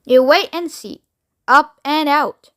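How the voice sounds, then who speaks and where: A woman voicing an excitable, eccentric male candy maker who talks in quick, bubbly exclamations. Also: sits high, voice pushed up. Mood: cheerful.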